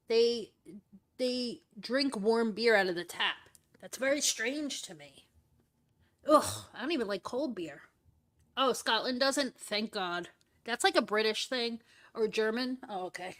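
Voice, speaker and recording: A woman's voice: a little high, expressive, a little slow, a bit bright. A woman hosting a casual stream chat, talking in a rambling way with lots of "like" and "um". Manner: chatty, rambling, heavy use of "like" and "um". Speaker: streamer host.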